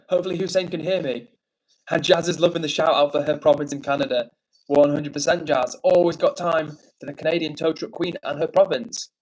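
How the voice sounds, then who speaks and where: An English man hosting a casual livestream, upbeat and chatty as he reads out comments and gives shout-outs. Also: on the high side, poor audio. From England. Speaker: livestream host.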